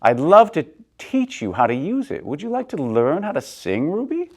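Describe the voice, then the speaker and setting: A man's voice: on the high side, wildly swooping pitch, normal speed, darkish tone, voice pushed up, heavily acted. A man voicing a friendly jazz singer. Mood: encouraging. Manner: friendly and encouraging. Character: warm woman jazz singer, encouraging.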